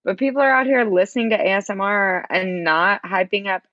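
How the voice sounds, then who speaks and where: A woman co-hosting a podcast in casual chat, animated and emphatic, laughing often. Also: medium pitch, fairly quick, no echo. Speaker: podcast co-host. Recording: slightly dull dry mic.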